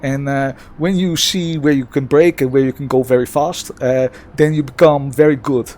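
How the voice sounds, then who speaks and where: A man's voice: medium pitch, steady tone, moderate pace, darkish tone, natural voice. A man putting on a Dutch accent to play a sarcastic mock presenter of a gadget, with a smug salesman tone and many hesitations. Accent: put-on Dutch. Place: home sim-racing setup.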